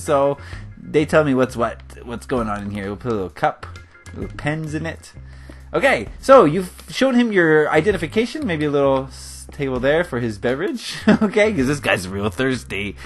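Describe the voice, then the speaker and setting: A man from California giving casual, rambling commentary on his game build, laughing often. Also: fairly high pitch. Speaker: gaming video host. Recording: faint guitar music behind.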